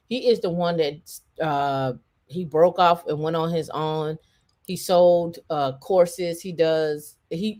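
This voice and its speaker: A woman's voice: low voice, darkish tone. A woman hosting a casual tech livestream, talking in a rambling way with many fillers and restarts. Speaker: show host.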